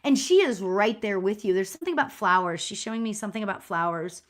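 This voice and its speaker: A woman's voice: medium pitch, animated, quick pace. A woman working as a spiritual medium, giving a live online reading in a chatty, encouraging way with lots of "you know" fillers. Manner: warm and encouraging toward viewers.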